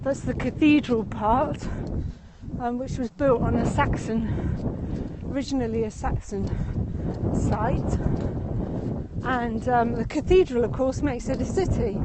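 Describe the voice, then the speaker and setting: A high-pitched woman chats her way through a walking tour outdoors, speaking into a handheld phone as she goes. She rambles, laughs often, and sounds slightly out of breath. Faint open-air ambience sits behind her voice. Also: slow, noisy background. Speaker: tour guide. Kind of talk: live-streamed walking tour. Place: outdoors in a city meadow and gardens.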